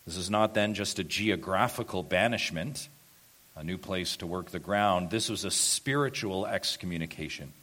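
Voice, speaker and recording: Man, pastor, deep low voice, preaching, rising to loud emphatic peaks. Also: normal speed. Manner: expository preaching, swells loud and high for emphasis then drops low. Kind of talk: sermon.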